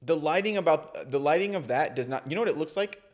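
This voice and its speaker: A man co-hosting a casual reaction chat, dropping dry jokes and quick asides. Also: on the high side, expressive. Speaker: co-host.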